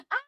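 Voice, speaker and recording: A woman's voice: very high-pitched, sharp tone, dry recording, studio quality. A woman hosting a live gossip stream in casual chat, blunt and sarcastic, swearing freely. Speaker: livestream host.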